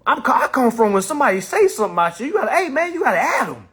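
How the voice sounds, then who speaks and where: A man teaching and mentoring, talking casually to his viewers in a blunt, profane, animated way. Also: extremely high pitch, very fast, breathy edge. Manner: blunt, profane, animated, keeps saying "all right".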